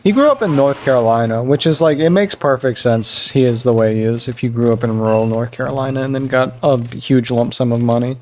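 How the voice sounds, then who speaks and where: A young man from Virginia chatting casually while playing a game, rambling and joking, jumping up in pitch to make a point. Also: brisk, hardly any pauses, a little mellow, slight background noise. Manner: rambling, joking, jumps into higher pitch for emphasis. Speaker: gaming streamer. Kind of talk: casual gameplay commentary.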